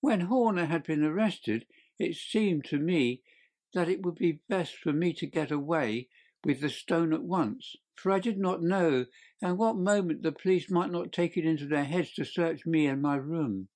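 A man's voice: normal speed, a little mellow, close to an everyday voice. A man voicing a panicked young male thief who pleads and confesses in a crackling voice in an audiobook reading. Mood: confessing. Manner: shrill, pleading, desperate. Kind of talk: audiobook character voice.

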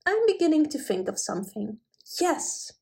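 A woman voicing a kindly old male rabbit gentleman in a storybook, speaking gently. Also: high-pitched, big pitch swings, normal speed, vocal fry, voice pushed up, exaggerated voice. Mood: cheerful.

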